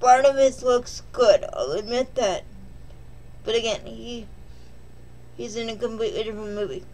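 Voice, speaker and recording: A woman's voice: a little high, normal speed, a little mellow. A woman vlogger casually recapping a film in a rambling, joking, self-deprecating way.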